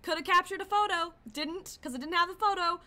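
A woman's voice: extremely high pitch, fairly quick, bright, forceful tone. A woman streaming a horror game, commenting live in a jumpy, easily startled way, gasping and swearing.

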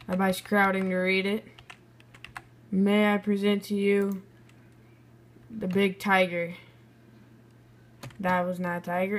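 A young woman casually commenting on a building game and bluntly rating other players' builds. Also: mid-range voice. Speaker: gaming video creator.

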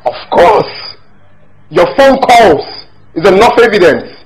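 A man's voice: low-pitched, moderate pace, close to an everyday voice, poor audio. An actor playing a jealous, suspicious husband, who accuses his wife in a confrontational way. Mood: accusing.

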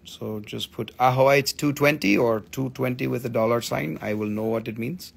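A man's voice: medium pitch, moderate pace, gravelly. A man hosting a live crystal sale in a casual, chatty way, swearing freely and reading out viewer comments. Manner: stops to count and name items as he shows them. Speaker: live-stream crystal seller. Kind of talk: casual live sales chat.

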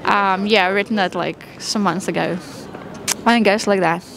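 A woman street singer answering interview questions quickly, with many fillers. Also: medium pitch, steady tone, creaky. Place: busy outdoor street. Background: crowd.

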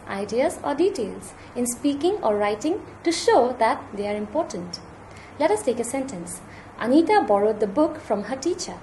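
A university lecturer, a woman with an Indian English accent, works through a recorded lesson in a measured, formal way. Her voice sits fairly high and moves with lively pitch, the tone mellow rather than bright. A faint hiss runs under the recording. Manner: measured, formal teaching delivery.

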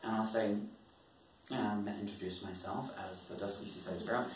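A man's voice: fairly low pitch, steady tone, a little fast, a little hiss or hum. A man, a poet, casually telling an audience about his writing in a rambling, wry way, laughing often. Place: performance venue. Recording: echoey room from far off.

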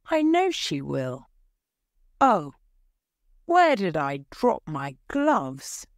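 A woman's voice: on the low side, huge pitch swings, very slow, dry recording, clean studio sound, exaggerated voice. A woman voicing a fretful, hurrying male white rabbit in a storybook, fussy and bossy in manner. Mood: flustered.

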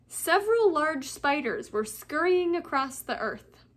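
A woman, a teacher, reading a novel aloud to her class in a lively, expressive way. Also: sits high, measured pace.

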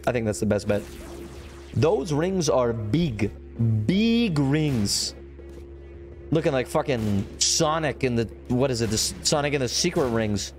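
A young man streaming a game, chatting casually and rambling with excitement, swearing and breaking into high whoops. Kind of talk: casual gameplay commentary.

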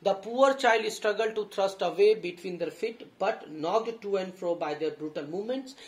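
A man teaching a story lesson, reading lines aloud and then paraphrasing them with halting restarts. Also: high voice. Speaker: school teacher.

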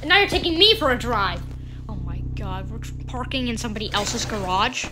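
A woman giving playful gameplay commentary, excitable, with sudden squealing exclamations. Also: fairly high pitch, fairly quick, over music, rough recording.

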